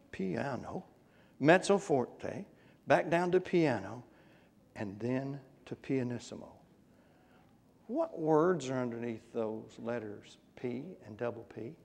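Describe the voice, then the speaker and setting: A gravelly, darkish mid-range voice belongs to a man leading an interactive Bible class sermon at church. He keeps it conversational and frequently questions the congregation, with a big-room sound around him.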